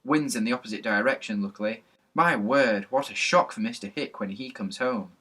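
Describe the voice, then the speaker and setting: A man voicing a bossy village policeman who barks orders and shouts at children. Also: medium pitch, moderate pace, breathy edge. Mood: gruff.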